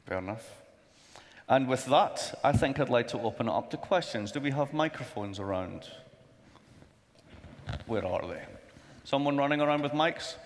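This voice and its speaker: A man's voice: medium pitch, lively intonation, normal speed, pauses often. A man moderating a conference panel, conversational and wry, with asides. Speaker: moderator, professor. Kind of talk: onstage panel interview. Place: large conference hall. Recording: long hall reverb.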